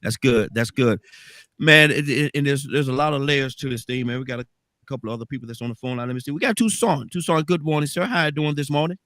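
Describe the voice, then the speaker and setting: A man's voice: mid-range voice, fast talker, fairly bright tone, dry recording, clean studio sound. A man hosting a morning call-in show, affirming guests with murmured agreement. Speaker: host.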